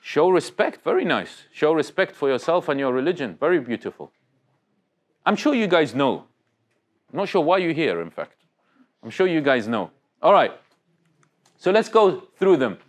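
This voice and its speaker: Man, slightly high voice, religious talk, conversational, questions the crowd. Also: sing-song, normal speed, pauses often. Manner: conversational, questions the audience, many restarts. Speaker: Islamic speaker. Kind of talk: interactive religious talk to youth.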